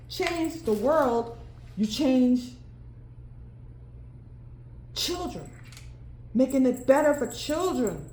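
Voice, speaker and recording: A woman's voice: high-pitched, expressive, drawn-out words, long pauses, darkish tone, reverberant, a little hiss or hum. A woman giving a solo tarot card reading, thinking aloud and breaking into exclamations and laughter. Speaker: tarot reader.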